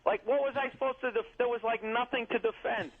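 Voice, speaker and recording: A comedian arguing heatedly on the radio, indignant and profane, complaining in rapid bursts. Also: male voice, extremely high pitch, fairly even intonation. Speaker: comedian guest. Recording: phone-like radio broadcast.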